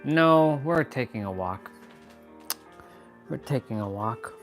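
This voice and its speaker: A man's voice: mid-range voice, expressive, slow pace, soft background music. A man chatting casually on a phone live stream, goofy and joking, poking fun at himself. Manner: goofy, joking, self-mocking.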